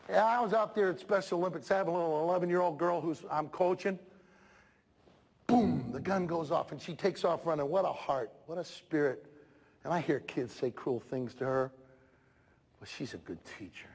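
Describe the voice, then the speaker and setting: A man giving an energetic motivational speech to students at a school assembly, swinging between shouting and soft, intimate coaching. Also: on the high side. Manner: coaching, encouraging, preachy. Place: large school hall with a live student audience. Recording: echoey hall with a cheering crowd.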